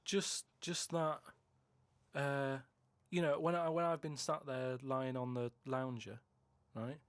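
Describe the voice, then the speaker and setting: A man in casual podcast chat, explaining earnestly in halting speech, repeating words. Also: mid-range voice, fairly even intonation, clear, resonant tone, no echo. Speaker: podcast guest regular.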